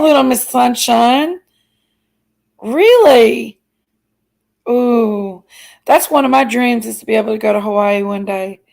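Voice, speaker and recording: Poor audio captures a middle-aged woman's fairly high, gravelly voice. She hosts a livestream, reading viewers' comments and chatting playfully, her exclamations drawn out.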